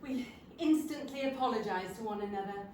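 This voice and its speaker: An older woman, performing a comic stage monologue in a wry, self-deprecating, expressive manner. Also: on the high side, brisk, slight background noise. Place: theatre stage. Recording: roomy theatre, from a distant mic.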